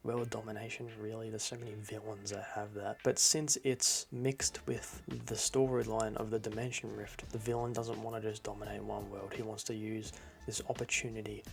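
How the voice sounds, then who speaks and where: A man's voice: fairly low pitch, flat delivery, moderate pace, creaky, soft background music. A young man giving a rambling, earnest update on his fan film, talking straight to his viewers with lots of fillers. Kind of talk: casual direct-to-camera update.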